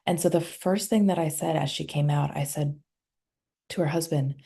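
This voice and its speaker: A woman's voice: low voice, steady tone, normal speed, gravelly, mellow, husky. A woman, a somatic healer guest on a podcast, recounting client sessions in casual conversation and acting out the dialogue.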